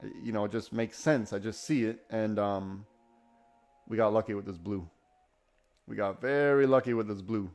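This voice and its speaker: A man hosting a live trading stream, talking casually and excitedly, often restarting his sentences. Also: lowish voice, moderate pace. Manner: enthusiastic, rambling, self-correcting. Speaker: day-trading livestream host.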